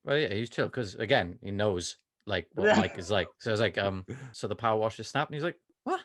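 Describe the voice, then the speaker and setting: An easygoing man co-hosting a podcast, telling a story in relaxed casual chat. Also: on the low side, a little fast, dry recording, clean studio sound. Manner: laid-back, easygoing. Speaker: podcast co-host.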